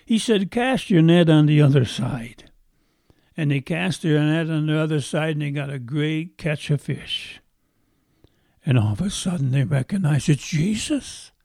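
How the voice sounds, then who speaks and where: A man's voice: on the high side, moderate pace, vocal fry, a little mellow, no room sound, clean studio sound. A man preaching a sermon, retelling a story in a folksy way and repeating phrases for emphasis.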